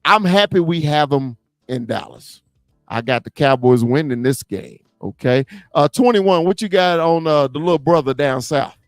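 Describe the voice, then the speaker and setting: A man's voice: on the high side, lively intonation, normal speed, no echo, clean studio sound, faint music behind. A man hosting a casual sports chat, ranting and swearing in a fired-up way. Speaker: podcast host.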